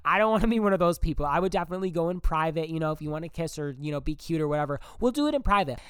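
A man's voice: on the high side, a bit bright, smooth, no echo, studio quality. A young man hosting a solo podcast, talking bluntly and profanely in a rambling casual way full of "like". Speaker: podcast host.

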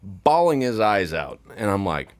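A man's voice: lowish voice, big pitch swings, unhurried. A man co-hosting a podcast in casual chat, blunt and teasing. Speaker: podcast co-host.

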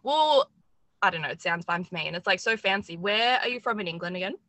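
A woman's voice: medium pitch, animated, fast talker, bright, forceful tone, low-quality recording. A woman with an Australian accent hosting a podcast, chatty and giggly, rambling between thoughts. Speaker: podcast host. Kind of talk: casual chat.

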